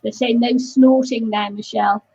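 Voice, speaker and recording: A woman's voice: fairly high pitch, fairly even intonation, moderate pace, mellow, breathy edge, no room sound. A woman from New Zealand hosting a casual livestream over a video call, teasing her friends dryly. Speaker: livestream host. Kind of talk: casual chat. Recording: dull lo-fi call audio.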